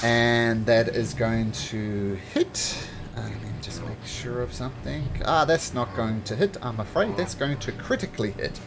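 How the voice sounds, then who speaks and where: A man running a tabletop game as game master, narrating animatedly with chuckles and quick self-corrections. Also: medium pitch, background noise.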